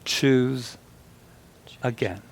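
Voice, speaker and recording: Here a minister speaks very slowly in a mid-range voice. His sermon is chatty and funny, built on stories where he acts out the voices of others and laughs along with the congregation.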